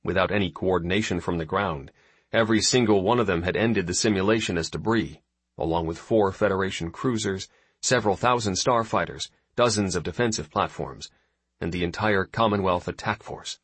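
Low husky male narrator, steady audiobook read, dry close mic. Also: brisk, no room sound. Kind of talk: scripted narration.

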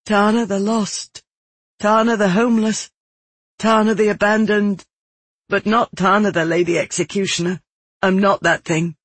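A man's voice: high-pitched, little pitch movement, unhurried, a bit bright, no room sound, voice pushed up. A man voicing a grieving, defiant young woman. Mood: anguished. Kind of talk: audiobook narration.

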